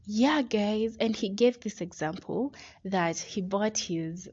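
A woman's voice: mid-range voice, takes it slowly, darkish tone, slightly rough. A young woman hosting a podcast, giving a chatty motivational talk and calling her listeners guys. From Kenya. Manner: chatty, addresses listeners as guys, many likes. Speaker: podcast host. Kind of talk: casual motivational monologue. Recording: dull lo-fi recording.

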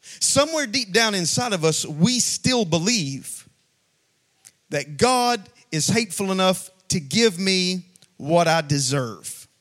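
Impassioned male preacher, higher voice. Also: expressive, slow. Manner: impassioned preaching, swinging from shouted cadence to quiet aside. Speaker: pastor. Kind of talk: sermon. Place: church sanctuary before a congregation.

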